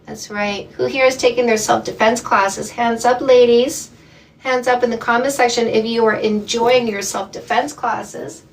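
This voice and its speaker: A woman from Canada hosting a live dating-coach stream, talking slowly and emphatically and encouraging her callers. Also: fairly high pitch, fairly even intonation, far from the mic, slight background noise. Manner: slow, emphatic, encouraging, calls people "my love" and "ladies".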